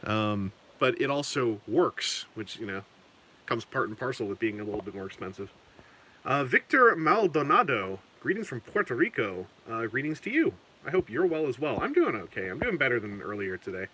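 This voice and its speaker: Male streamer, lively up-and-down delivery, chatty and meandering while he paints. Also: medium pitch, normal speed, a little hiss or hum. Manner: rambling, self-correcting, chuckling asides. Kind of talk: casual live-stream chat.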